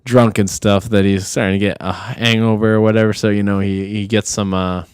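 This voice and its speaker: A man with a low, smooth voice, co-hosting a laid-back podcast. He jokes around and rambles through a movie plot. The sound is dry and close, with no room echo. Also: little pitch movement, brisk. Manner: joking, rambling movie recap. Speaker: podcast co-host. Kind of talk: casual chat.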